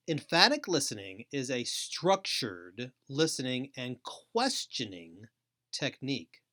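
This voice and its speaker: Middle-aged male host, mid pitch, unhurried measured delivery, emphatic. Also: sharp tone. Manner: slow, deliberate, emphatic delivery with pauses. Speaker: host and trainer. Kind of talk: scripted training webinar.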